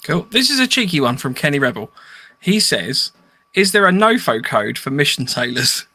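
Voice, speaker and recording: A man's voice: a little high, sing-song, moderate pace, sharp tone, dry recording. A man hosting a podcast, reading out listener questions in a joking, casual way.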